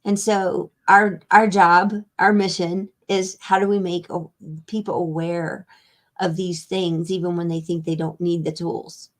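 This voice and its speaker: A woman's voice: fairly low pitch, little pitch movement, measured pace. A woman hosting an interview, a foundation founder, speaking earnestly and reflectively about her mission over a video call.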